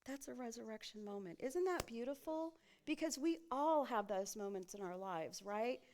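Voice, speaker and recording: A woman pastor delivers a sermon from the pulpit of a church sanctuary. Her voice sits fairly high and is smooth and resonant. She keeps checking in with the congregation through rhetorical questions. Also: lively intonation, normal speed, a little mellow.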